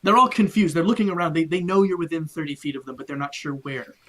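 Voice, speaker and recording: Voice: medium pitch, fast, fairly bright tone. Rambling, easygoing game master. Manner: loose, filler-heavy narration with lots of "like" and "um". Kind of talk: narrating a tabletop game.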